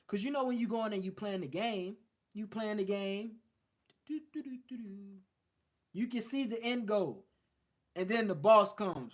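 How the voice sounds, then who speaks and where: A man with a fairly high voice talks straight to his viewers like a coach. His delivery is blunt and loose, salted with profanity and driven by storytelling from his own life. It sounds like an unscripted motivational livestream. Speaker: men's self-improvement coach. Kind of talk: casual motivational livestream talk.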